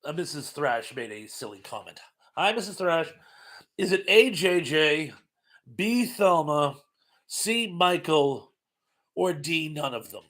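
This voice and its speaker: A man's voice: fairly high pitch, lively intonation, slow pace, a bit bright. A middle-aged man hosting a casual live-stream trivia chat, reading out quiz questions and viewer comments, chatty and self-mocking, laughing often and stumbling over his words.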